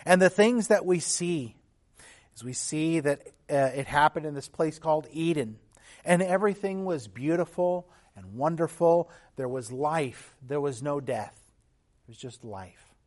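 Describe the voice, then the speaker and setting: A man preaching a sermon in an earnest, teaching tone. His voice sits a little higher than most men's, and he sometimes restarts a phrase or clears his throat as he goes. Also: animated, a little slow, darkish tone. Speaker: pastor.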